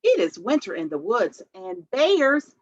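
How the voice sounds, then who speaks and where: Brief: woman reading a squeaky, worried little mouse, picture-book storytime, dull recording. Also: sing-song, unhurried. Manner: squeaky, fretting. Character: fussy caring little male mouse. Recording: dull lo-fi audio.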